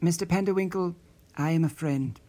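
A man voicing a secretive woman caller who speaks in a hurried, no-nonsense tone. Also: high-pitched, steady tone, a little mellow, lightly acted. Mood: calm.

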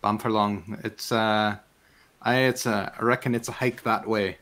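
A man's voice: on the low side, fairly even intonation, rapid-fire, bright, forceful tone. A man voicing a homespun rural fisherman. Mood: folksy. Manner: drawling, homespun turns of phrase. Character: folksy male rural fisherman. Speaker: game master voicing a character.

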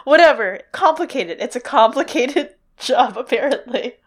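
Playful higher-voiced woman podcaster. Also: animated, moderate pace. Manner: playful, laughing, paraphrases characters. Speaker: podcast co-host. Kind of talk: casual book-discussion chat.

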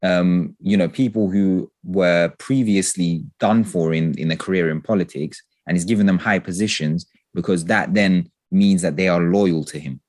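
A man in casual political chat, talking with passion, swearing and ranting in an animated way. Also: low-pitched, normal speed, few pauses, dry recording, clean studio sound. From England.

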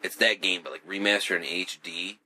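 A man's voice: low-pitched, steady tone, fairly quick, pushed and bright, a little hiss or hum. A young man co-hosting a podcast in casual, rambling, profane chat. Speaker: podcast co-host.

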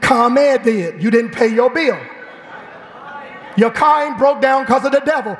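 A man preaching a fiery sermon in a church, with an animated, shouting delivery. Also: very high voice, a little slow. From Chicago. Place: church sanctuary. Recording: echoey church hall.

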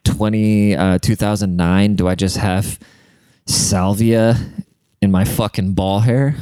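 A man's voice: lowish voice, mellow, clean tone, no echo. A young man rambling in a casual, profane, self-deprecating monologue as a podcast host.

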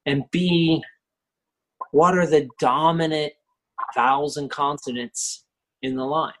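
A man teaching poetry craft as a professor, thoughtful and unhurried, often checking in with the listener and pausing on fillers. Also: a little high, steady tone, fairly bright tone, a little hiss or hum, poor audio.

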